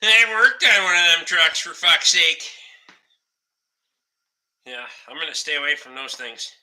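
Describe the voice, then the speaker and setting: A man's voice: on the high side, animated, measured pace, sharp tone, rough recording. A man telling rambling shop stories in casual podcast chat, swearing constantly and laughing as he goes. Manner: laughs through his stories. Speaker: podcast host.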